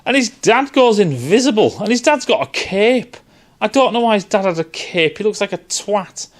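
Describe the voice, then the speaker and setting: A man tears into a film with mocking sarcasm and constant swearing. His pitch sits a touch high and jumps around in lively swings. He sounds like he's venting to a friend rather than presenting. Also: moderate pace. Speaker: film reviewer. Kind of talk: ranting casual film review.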